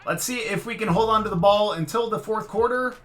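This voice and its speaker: Male game commentator, higher-pitched, excitable, yells at plays. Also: fairly quick, soft background music. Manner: excitable, swings from muttering to shouting at the quarterback. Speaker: gaming commentator. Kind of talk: live gameplay commentary.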